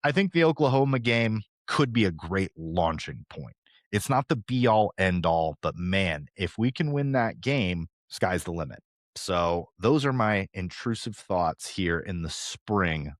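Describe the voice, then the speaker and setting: A man's voice: low-pitched, dry recording, clean studio sound. Chatty man in his thirties, podcast host. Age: 30s. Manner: animated, talks fast and rambles, swears casually. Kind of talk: casual chat.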